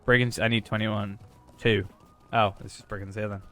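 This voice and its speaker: A lowish voice with a sharp tone and flat delivery comes through at normal speed. The man cracks jokes and chats with viewers as he plays his streamed game, with faint background music audible.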